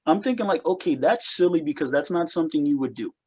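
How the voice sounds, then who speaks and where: A man's voice: a little high, animated, quick pace, a little mellow, breathy edge. A man co-hosting a casual wrestling chat podcast, rambling and repeating words as he picks apart what he watched. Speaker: podcast co-host.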